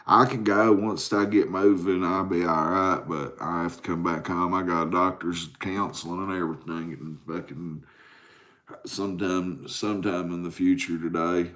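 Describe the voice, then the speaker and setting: A man's voice: sits low, steady tone, moderate pace, fairly bright tone. Drowsy, cussing man in his forties. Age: 40s. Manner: rambling, profane, drowsy. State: tired from a caffeine crash. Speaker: livestream host. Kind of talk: late-night livestream chat with viewers.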